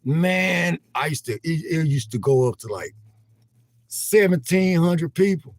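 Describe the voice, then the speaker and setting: An older man chats casually to his viewers in an animated, laughing way, often repeating himself. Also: on the high side, a little slow, no echo. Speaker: vlogger livestreaming. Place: inside a van.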